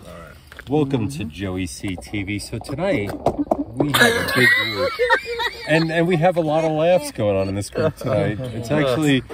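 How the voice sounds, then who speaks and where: A man's voice: medium pitch, lively intonation, normal speed, heavy background noise. A man doing a casual vlog intro, laughing and stumbling over his words, with lots of chatter around. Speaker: guest vlogger.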